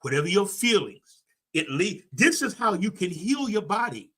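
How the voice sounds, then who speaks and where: A man delivers a motivational talk as a personal development coach. His voice sits a little high and rings bright and forceful. He preaches in a folksy, emphatic way, speaking straight to his listeners. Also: sing-song, normal speed, breathy edge.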